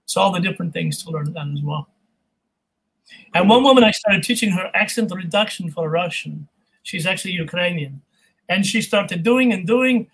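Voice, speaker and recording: High, husky-voiced middle-aged man. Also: normal speed, rough recording. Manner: animated, laughs often, imitates people. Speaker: guest, voice and accent coach. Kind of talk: casual interview storytelling.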